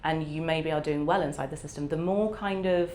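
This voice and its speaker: Woman author, low voice, candid and reflective, faint background hum. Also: fairly quick. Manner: warm, reflective, laughs often, lots of fillers. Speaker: author guest. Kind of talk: candid conversational interview.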